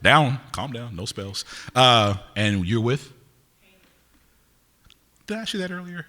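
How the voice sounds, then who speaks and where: This older male poet's voice sits at medium pitch, very animated and sharp in tone. Performing live at a university concert venue, he fills the gaps between pieces with playful, quick-witted banter, teasing the crowd and asking who they are by name. A long reverb runs through the live hall recording.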